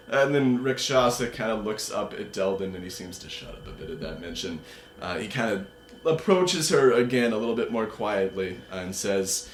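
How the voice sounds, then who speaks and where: A man's voice: low-pitched, moderate pace. Man, game master, tabletop game narration, loose with fillers, roomy echoey room. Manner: loose, relaxed, with many fillers. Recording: roomy echo.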